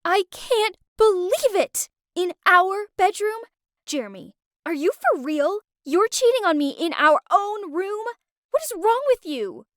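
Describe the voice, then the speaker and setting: A woman voicing a furious young woman yelling at her cheating boyfriend. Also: very animated, unhurried, no room sound, studio quality, heavily acted. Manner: shrill, yelling.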